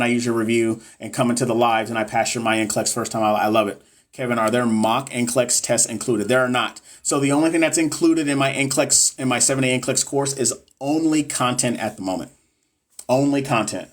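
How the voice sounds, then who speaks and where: Chatty man on a tutoring livestream. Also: medium pitch. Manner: chatty, loose, reads viewer comments aloud, lots of fillers. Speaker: NCLEX tutor and course seller. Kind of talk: casual livestream Q&A. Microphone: phone or webcam on a livestream.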